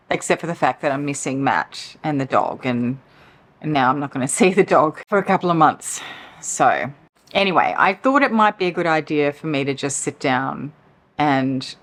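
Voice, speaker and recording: A woman chatting casually to camera from her couch, rambling and open about her feelings. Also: deep voice. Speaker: perfume vlogger. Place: living room, on the couch.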